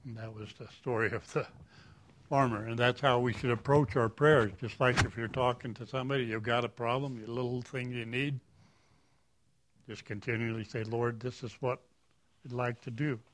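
A man's voice: mid-range voice, fairly even intonation, moderate pace, slight background noise. A man, not a preacher, giving an informal church talk in a rambling, folksy, self-deprecating way. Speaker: lay speaker at church.

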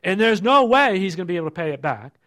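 A middle-aged male pastor giving a sermon and reading scripture aloud, emphatic, then falling soft and low for asides. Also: sing-song, fast.

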